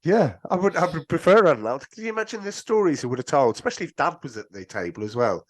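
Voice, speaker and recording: A man's voice: a little high, very animated, quick pace. Guy rambling thru a movie chat, lots of restarts and asides. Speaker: podcast guest. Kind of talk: casual film discussion.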